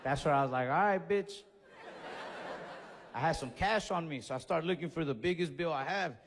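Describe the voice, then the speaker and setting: A man doing standup, telling a story with loud acted-out quotes and crude slang. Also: on the high side, quick pace, in a large hall, slight background noise. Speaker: standup comedian. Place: comedy club stage.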